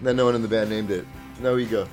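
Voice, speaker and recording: A man from Los Angeles, a band member, telling in a relaxed way how the band got its name. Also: fairly low pitch, soft background music, low-quality recording. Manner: relaxed, easygoing, drawn-out storytelling. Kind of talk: casual interview chat. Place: small radio studio.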